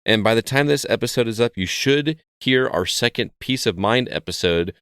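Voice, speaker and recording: A man's voice: medium pitch, normal speed, clean tone, no room sound, studio quality. A man hosting a casual podcast, chatting easily and reading out the show's plugs. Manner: relaxed and chatty, reads show plugs. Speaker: podcast host.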